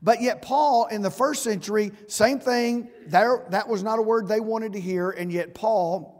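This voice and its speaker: A high-pitched man with a drawl preaches from the pulpit, pressing hard on some words and dropping to near-quiet on others. His voice rings with a long hall reverb, as in a church sanctuary. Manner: emphatic preaching with swings from loud to hushed. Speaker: pastor. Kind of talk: sermon.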